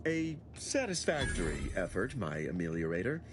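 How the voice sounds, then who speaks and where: Long-winded corporate boss in a game, formal and fussy, expressive delivery. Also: male voice, sits low, moderate pace, noisy background. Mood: condescending. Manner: formal, ornate wording with old-fashioned turns of phrase. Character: pompous, long-winded male corporate executive.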